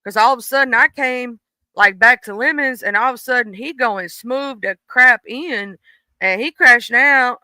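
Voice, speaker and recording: Host for a home livestream: blunt, preachy, smooth crisp voice. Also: medium pitch, moderate pace, sharp tone, no echo. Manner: blunt, preachy, swears freely. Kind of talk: casual livestream commentary. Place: home room. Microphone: desk microphone.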